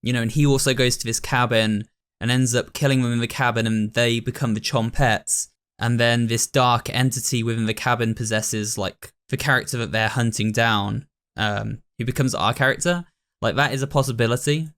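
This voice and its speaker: A man's voice: mid-range voice, steady tone, fairly bright tone. A man with an English accent reads a game's story aloud and comments on it casually. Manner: casual, reads narration slowly and comments quickly. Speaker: gaming YouTuber. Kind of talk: reading game text and commenting.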